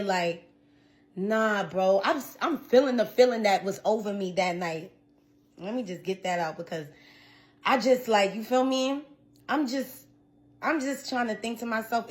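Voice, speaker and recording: A woman's voice: mid-range voice, moderate pace. A young woman singer telling a story in a casual vlog, venting in a blunt, profane, slangy way.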